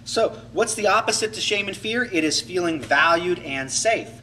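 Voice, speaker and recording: A fairly high, bright male voice that rises and falls with lots of life as he teaches. He coaches a class with a reflective, animated manner and sometimes acts out the thoughts he describes. He sounds set back from the mic, with faint noise behind him. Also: normal speed, recorded from a distance, poor audio.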